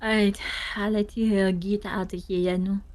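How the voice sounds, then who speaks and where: A woman's voice: medium pitch, level tone, moderate pace, a little mellow, dry recording. A woman roleplaying in character in casual, teasing chat, hesitant with fillers. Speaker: roleplay player.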